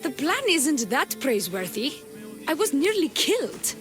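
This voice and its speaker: Sultry flirty priestess, slow teasing talk, game music behind. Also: female voice, sits high, very animated. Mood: earnest. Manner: sultry, teasing, slips into breathy whispers. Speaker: game character. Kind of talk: video game voice acting.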